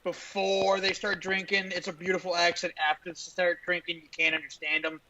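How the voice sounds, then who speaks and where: A man on a podcast chatting casually and reading a chapter aloud, easygoing and quick to laugh at himself. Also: high-pitched, flat delivery, muffled recording, a crowd in the background.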